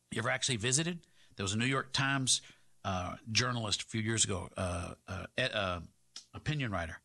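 Radio host guy, bright punchy voice, preachy sarcastic rant. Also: mid-range voice, gravelly. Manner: impassioned, sarcastic, rhetorical questions. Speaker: radio talk show host. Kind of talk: talk radio monologue and host-read ad.

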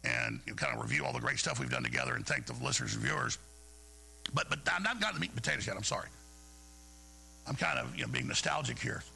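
A man's voice: mid-range voice, animated, quick pace, creaky, sharp tone, a little hiss or hum, poor audio. A man hosting a talk radio show, speaking in a heated, rambling monologue that stumbles over repeated words.

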